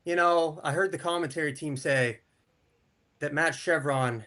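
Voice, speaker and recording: A man's voice: fairly high pitch, a little slow, bright, forceful tone. A man calling in remotely as a wrestler, cutting an aggressive, boastful trash-talk promo. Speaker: wrestler guest. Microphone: remote call.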